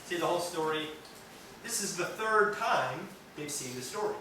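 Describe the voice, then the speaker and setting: A man from America leading a teacher training demonstration, talking in an animated, playful way. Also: fairly high pitch, moderate pace. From United States. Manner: animated, playful, acts out silly reading voices. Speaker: English teacher giving a training. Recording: echoey room, mic far off, noisy.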